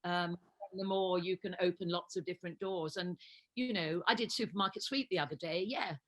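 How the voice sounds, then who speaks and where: A woman's voice: lowish voice, a little fast. A woman in her seventies, a guest actress telling stories in a chatty, laughing way on a talk show. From England. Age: 70s. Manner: chatty storytelling, laughs often. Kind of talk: casual chat.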